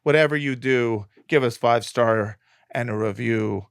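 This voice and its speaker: A man's voice: medium pitch, unhurried, creaky, clear, resonant tone, no echo, clean studio sound. A man co-hosting a casual comedy podcast, joking around and rambling with plenty of fillers. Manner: jokey, rambling, lots of fillers. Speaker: podcast co-host.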